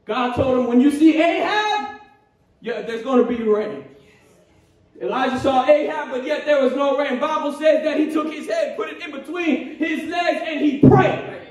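A man preaching a fervent sermon as pastor, building to shouts and repeating his phrases. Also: very high-pitched, normal speed. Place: church sanctuary. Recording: echoey church hall from far off, congregation behind.

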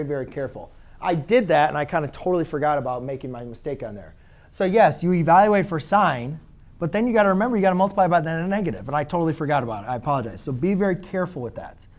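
Male math teacher, slightly higher voice, conversational classroom lecture, asks students questions, corrects himself.

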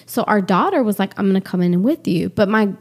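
A woman in her forties, a podcast guest telling her own story candidly, lively and acting out the quoted exchanges. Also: mid-range voice, a little fast. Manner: animated, acts out quoted exchanges with laughs.

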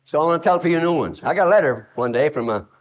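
A man preaches to young people at camp, hammering his points through repetition and story. His voice sits high and rises and falls sharply as he presses each line. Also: expressive, very fast. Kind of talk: sermon.

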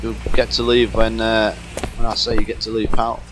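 A man's voice: fairly low pitch, completely flat delivery, moderate pace, background noise. A man giving comedic, swearing gameplay commentary in a cocky, mock-tough tone. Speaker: gaming commentator.

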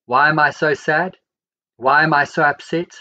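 A man reading the Bible aloud, verse by verse, in a steady and measured way. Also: on the high side, highs cut off. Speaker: Bible reader.

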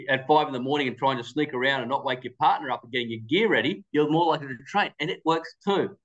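A man's voice: a little high, muffled recording. A man giving a webinar presentation, telling anecdotes with quoted dialogue. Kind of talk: storytelling presentation.

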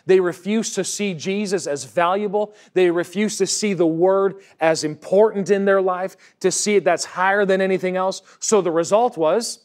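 A man's voice: a little high, a little mellow. A male pastor preaching a church sermon, reading scripture aloud between emphatic, conversational points. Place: church service.

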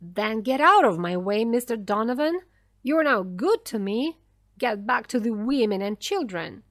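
A woman reading a storybook voices a loud, overbearing male ship's captain who pushes his men around. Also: mid-range voice, animated, measured pace, no room sound, clean studio sound, natural voice. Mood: commanding.

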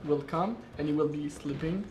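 Brief: high-pitched male stream host, brainstorms aloud, laughs a lot, echoey room. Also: normal speed, background noise. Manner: thinks aloud, laughs often. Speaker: game developer and stream host. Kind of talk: live-stream design brainstorming.

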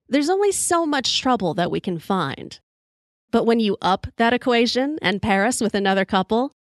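A woman's voice: medium pitch, dry recording, studio quality. A woman hosting a podcast, telling wry, profane stories in a conversational monologue while sipping whiskey. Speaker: podcast host.

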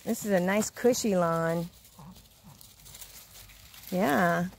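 A woman's voice: lowish voice, very slow, gravelly, a little hiss or hum. A woman chatting casually on a neighborhood street while walking her dogs, cooing at them and laughing often. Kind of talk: casual chat.

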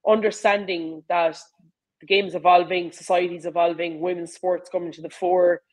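A woman's voice: on the low side, little pitch movement, normal speed, low-quality recording. An Irish woman, a rugby player, talking casually and animatedly in an interview, with lots of fillers. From Ireland. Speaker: rugby player and coach, guest.

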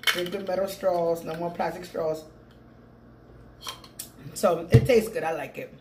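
A woman's voice: on the low side, steady tone, unhurried. Chatty middle-aged woman vlogging at home. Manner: rambling and chatty, calls viewers "people". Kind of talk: casual mukbang vlog chat. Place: room at home. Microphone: phone with small clip-on mic. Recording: echoey room, faint background hum.

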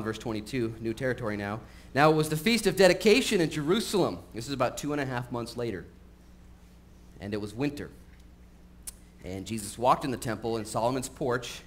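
A man preaching a sermon in a church, talking casually with frequent fillers and getting animated as he tells stories. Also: mid-range voice, a little hiss or hum. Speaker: pastor. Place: church sanctuary. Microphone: live-streamed recording.

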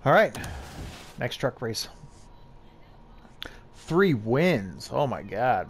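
A man's voice: mid-range voice, sing-song, extremely slow, slight background noise. A man giving casual gameplay commentary as a YouTuber, hyped and joking at himself. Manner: hyped, self-mocking banter. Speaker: gaming YouTuber.

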